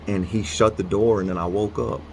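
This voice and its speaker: A man telling a story in a casual, rambling way with halting restarts, then reading a devotional aloud indoors. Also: on the low side, fairly even intonation, gravelly, a little mellow, a little hiss or hum. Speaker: vlogger.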